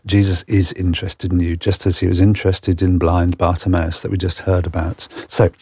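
A man's voice: low voice, little pitch movement, brisk, warm tone, slightly rough, dry recording, studio quality. A man presenting a radio show, speaking informally with a few fillers. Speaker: radio host.

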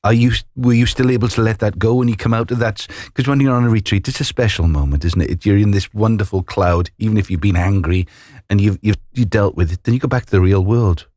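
A man interviewing a guest, asking gentle, thoughtful questions. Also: lowish voice, fast talker, no echo, studio quality.

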